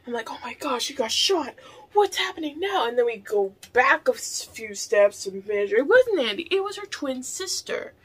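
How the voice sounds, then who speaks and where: A woman vlogger reacting to a film in a casual, rambling, excitable way. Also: sits high, moderate pace, slightly rough.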